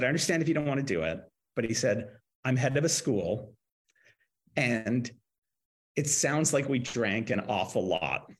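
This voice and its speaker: Husky older guy, 60s, telling funny stories in an interview, does the voices. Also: mid-range voice. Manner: animated anecdotes with voiced quotes and laughs. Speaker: author guest. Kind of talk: casual interview storytelling.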